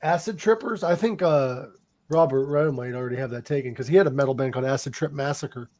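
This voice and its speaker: A man's voice: mid-range voice, quick pace, darkish tone. A man hosting a podcast in crude, casual chat, joking with profanity and breaking into laughter. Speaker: podcast host.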